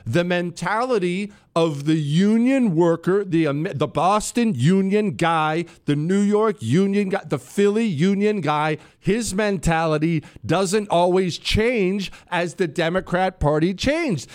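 A talk show host delivers a political monologue in a lively, swinging voice that rises and drops sharply. He rambles, restarts his sentences and calls out to his crew on air. His voice sits a little above the usual for a man. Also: sits high, a little slow, hardly any pauses. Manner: animated, rambling, self-interrupting.

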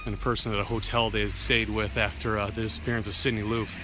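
A man reports live from outside a courthouse, still out of breath and stumbling over his words. His low voice stays flat, and clear traffic noise sits behind him. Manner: halting, full of fillers. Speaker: TV news reporter.

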